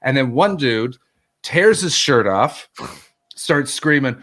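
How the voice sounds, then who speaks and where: Canadian co-host, even middle voice, thoughtful storyteller, steady pace. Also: male voice, mid-range voice. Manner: measured, thoughtful, hesitant fillers. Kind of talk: casual chat, storytelling.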